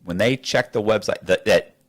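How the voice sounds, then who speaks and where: A man's voice: on the low side, moderate pace. A man telling a story as an interview guest in a studio, acting out both sides of the conversations.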